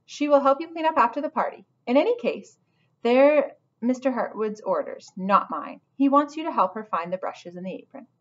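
A woman's voice: on the high side, expressive, moderate pace, pitched above the performer's own voice. A grumpy, self-important lizard desk clerk, played by a woman reading aloud. He speaks in a raised, huffy voice, easily offended. The sound is dull and lo-fi.

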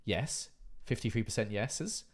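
A man's voice: on the low side, expressive, measured pace. A man in his thirties, chatting casually with his live stream audience and reading out chat messages in a playful way. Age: 30s. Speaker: livestreamer.

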